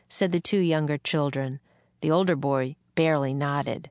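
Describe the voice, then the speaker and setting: A woman reading a children's storybook aloud, calm and steady. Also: deep voice, normal speed, smooth, no echo, clean studio sound. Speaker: narrator. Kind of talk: storybook narration.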